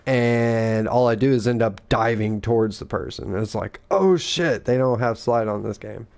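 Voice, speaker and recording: A man's voice: on the low side, flat delivery, normal speed, gravelly, darkish tone. A man and father, co-hosting a casual gaming chat, rambling and profane, acting out the lines people said. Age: adult father. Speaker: gaming podcast co-host.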